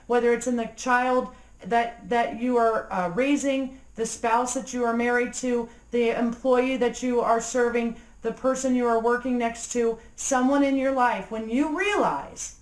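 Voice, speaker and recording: A woman in her forties giving an earnest motivational talk to camera, slowing down and dropping low on key phrases. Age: 40s. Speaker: motivational speaker. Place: room with a phone ringing nearby. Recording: echoey room.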